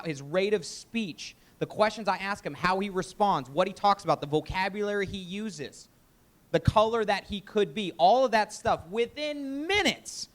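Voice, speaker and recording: A man presenting a live sales training workshop, energetic and emphatic, often quizzing the audience. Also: high voice.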